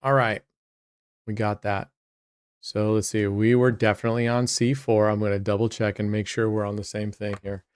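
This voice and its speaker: A man's voice: on the low side, little pitch movement, normal speed, clear, resonant tone, no echo, clean studio sound. A man hosting his own channel, chatting casually to viewers as he plays roulette, often trailing off mid-sentence. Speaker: host. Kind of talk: casual commentary while playing roulette.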